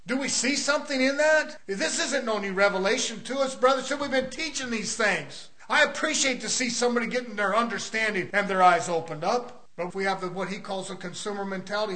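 A man's voice: very high-pitched, brisk, hardly any pauses, sharp tone. A man preaching a fervent sermon at a church service, emphatic and full of rhetorical questions.

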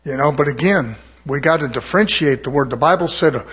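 Husky-voiced man preaching a sermon. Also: fairly high pitch, a little fast, a bit bright. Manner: earnest, conversational preaching with rhetorical questions; repeats phrases for emphasis.

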